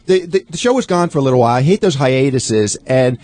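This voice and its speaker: Eager, rambling radio host. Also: male voice, mid-range voice, expressive, fast talker, darkish tone, no room sound. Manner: enthusiastic, rambling, lots of fillers. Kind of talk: casual radio chat. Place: radio studio in New York.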